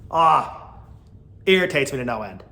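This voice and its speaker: A man's voice: medium pitch, big pitch swings, a little slow, creaky, pushed and bright, reverberant. A man hosting a podcast, giving blunt, exasperated commentary and laughing often. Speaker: podcast host. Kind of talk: casual opinion commentary.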